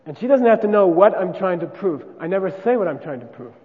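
A man's voice: high-pitched, lively intonation, quick pace, in a large hall, narrow, tinny audio. A man teaching a class casually, often checking with "okay?" and demonstrating chants aloud.

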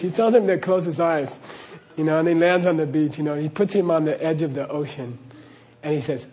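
Earnest spiritual teacher, man, slightly high voice. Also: normal speed, darkish tone. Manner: earnest, repeats "okay?", laughs while storytelling. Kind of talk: spiritual talk to an audience.

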